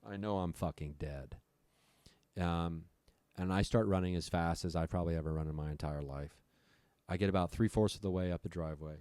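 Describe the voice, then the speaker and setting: Male guest, low voice, profane storyteller, dry mic. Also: a little fast, dark tone, clean tone, no room sound. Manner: profane, breathless retelling. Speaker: podcast guest. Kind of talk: storytelling on a comedy podcast.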